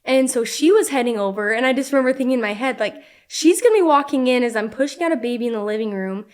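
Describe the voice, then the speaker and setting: A young woman tells a personal story as a podcast guest. Her voice sits a little high, and she talks in an animated way. She uses many "like" fillers and acts out the quoted lines. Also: fast. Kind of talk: casual storytelling.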